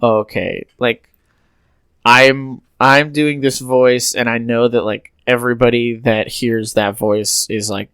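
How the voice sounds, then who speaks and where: A man co-hosting a casual podcast, chatty and quick to laugh, who also reads listener questions aloud. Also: medium pitch, fairly even intonation, fairly bright tone, clean tone, no room sound, studio quality. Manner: laughs often, loose and chatty. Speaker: podcast co-host.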